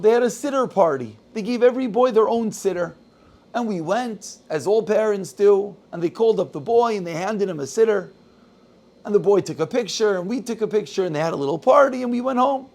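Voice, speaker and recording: A man's voice: high-pitched, gravelly. A man giving a sermon as a rabbi, telling a story and quoting its people with rising intensity. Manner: animated storyteller, voices quotes with rising intensity.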